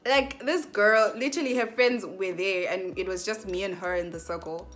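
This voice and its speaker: A woman's voice: medium pitch, normal speed, a bit bright, soft background music. A young woman telling a dramatic storytime vlog in a chatty way, full of fillers. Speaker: vlogger.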